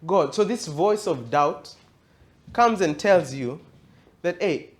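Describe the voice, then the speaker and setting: A male pastor with a slightly high voice and lively intonation speaks slowly during an interactive Bible teaching. He reads scripture aloud and quizzes his audience conversationally, building up to emphatic moments.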